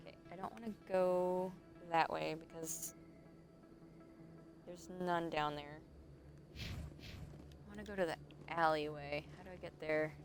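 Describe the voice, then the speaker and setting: A woman's voice: lowish voice, fairly even intonation, unhurried, pauses often, music in the background. Chatty woman streaming a game. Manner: chatty, talks to herself and chat, laughs often. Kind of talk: casual live gameplay commentary.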